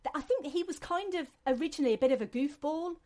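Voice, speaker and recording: A woman's voice: sits high, lively intonation, fast, dark tone. A British woman hosting a podcast, chatting casually in a rambling way with many fillers and restarts. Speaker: podcast host. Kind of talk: casual chat.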